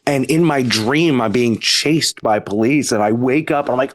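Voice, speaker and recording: A man co-hosting a podcast, telling excitable personal stories in casual chat. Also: medium pitch, moderate pace, slight background noise. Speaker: podcast co-host.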